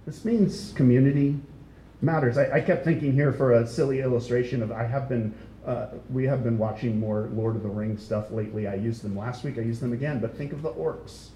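A man's voice: steady tone, fairly quick, dark tone. Conversational male pastor in a roomy hall. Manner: conversational, emphatic, asks the listeners questions. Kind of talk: expository sermon. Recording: roomy hall with faint rumble.

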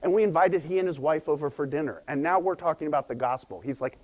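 A man's voice: a little high, fast talker, few pauses. A middle-aged man, a pastor, preaching a sermon in a conversational, storytelling way. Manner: conversational storytelling with animated quoted voices.

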